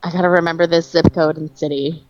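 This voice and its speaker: A young woman, an interpreter co-hosting a podcast, chatting casually with dry, deadpan jokes over a remote call. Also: low-pitched, fast talker, highs cut off. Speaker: podcast co-host, ASL interpreter. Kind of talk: casual chat. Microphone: remote call mic.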